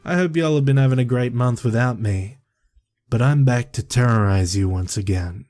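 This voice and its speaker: A man who hosts a creepypasta reading channel, chatting casually and then narrating a horror story in a relaxed, self-deprecating way. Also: mid-range voice, normal speed, soft background music.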